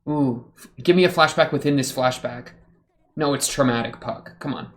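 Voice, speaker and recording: A man's voice: mid-range voice, normal speed. A young man hosting an anime reaction video, talking casually and joking in muttered asides as he watches.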